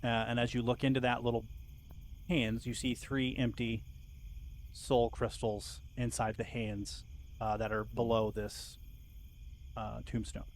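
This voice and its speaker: Guy running a tabletop game, relaxed mid voice, kinda halting, faint crickets behind. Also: mid-range voice, a little hiss or hum. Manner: casual, halting narration with fillers. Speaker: game master.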